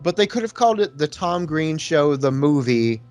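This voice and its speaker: A man's voice: on the high side, sing-song, moderate pace, darkish tone, soft background music. A man co-hosting a podcast, chatting casually and crudely about a movie and laughing often. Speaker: podcast co-host. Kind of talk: casual movie-review chat.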